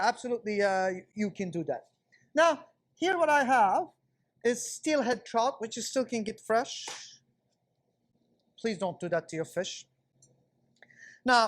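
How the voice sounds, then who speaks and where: A man working as a chef instructor, talking viewers through a cooking class demonstration in a kitchen and explaining each step as he cooks. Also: very high-pitched.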